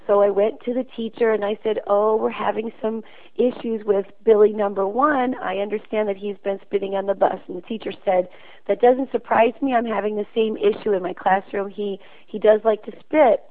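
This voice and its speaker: A woman's voice: medium pitch, steady tone, normal speed. A school principal, a woman, calling in to tell a story in an earnest, conversational way. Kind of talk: phoned-in storytelling. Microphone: phone. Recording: tinny phone line.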